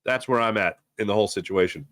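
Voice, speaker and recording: Bright-voiced jokey Philly sports host. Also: male voice, lowish voice, fast talker, no room sound, clean studio sound. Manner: rambling, jokey, reacts to chat names. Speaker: sports talk show host. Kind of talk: casual live-stream chat reading comments.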